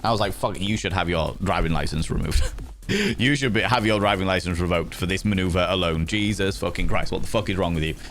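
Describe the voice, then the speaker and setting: A low-voiced British man hosts a casual livestream, telling stories with animated swings and plenty of swearing. He greets his chat playfully between tales, with faint music underneath. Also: fast. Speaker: livestream host.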